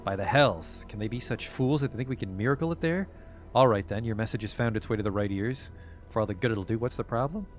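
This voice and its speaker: A man reading out a huge, gruff male dock foreman in a video game, talking brusquely and scornfully. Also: on the low side, fast, faint music behind, natural voice.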